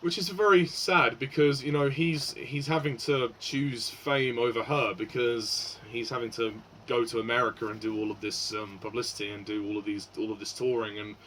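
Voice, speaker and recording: A man's voice: mid-range voice, fairly even intonation, moderate pace, hardly any pauses, fairly bright tone, slight background noise, poor audio. A man giving a casual spoken film review, hesitant, with many fillers and restarts.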